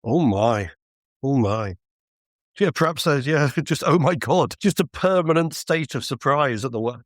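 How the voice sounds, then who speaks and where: A man co-hosts a podcast in easy, casual chat, and there's a dry wit running through his delivery. His voice sits at a middling pitch, and the recording is close and dead, with no room sound at all. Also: animated, unhurried, dry recording. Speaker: podcast co-host.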